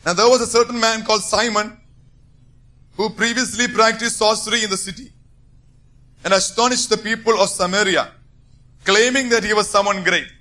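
Male preacher, high bright voice, emphatic sermon delivery. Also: fairly even intonation, moderate pace, pauses often. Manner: emphatic, rising to forceful bursts.

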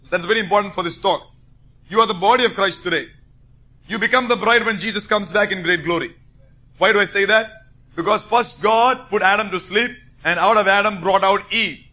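Male preacher, high bright voice, emphatic sermon delivery. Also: a little fast. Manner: emphatic, rising to forceful bursts.

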